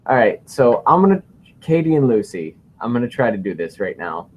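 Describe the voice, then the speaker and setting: A man's voice: mid-range voice, big pitch swings, fairly quick, breathy edge, narrow, tinny audio. A man co-hosting a casual livestream, rambling and joking as he reads viewer questions. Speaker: livestream co-host.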